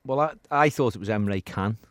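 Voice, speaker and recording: A man weighs up a football topic on a podcast panel, choosing his words carefully. His voice sits low. The sound is dry and close. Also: no room sound. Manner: measured, thoughtful, hedging. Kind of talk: casual football chat.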